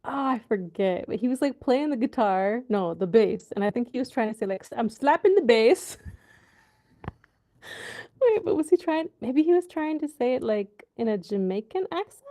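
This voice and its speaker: A woman's voice: on the high side, expressive, mellow. A woman hosting a casual livestream, reading out comments, laughing often and drifting from topic to topic. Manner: slow, laughing, drifts between topics and jokey accents. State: wheezing at times. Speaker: livestream host.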